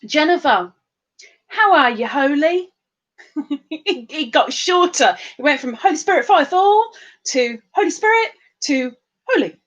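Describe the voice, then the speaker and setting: A woman's voice: sits high, lively intonation, unhurried, pauses often, lo-fi sound. A tired woman hosting a casual live stream, chatting bubbly and greeting viewers by name with big upward swoops.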